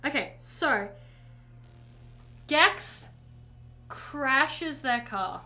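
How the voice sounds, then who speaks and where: A woman's voice: sits high, animated, extremely slow, sharp tone, low-quality recording. A woman streaming while painting, telling a rambling story in casual chat and often correcting herself. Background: faint music.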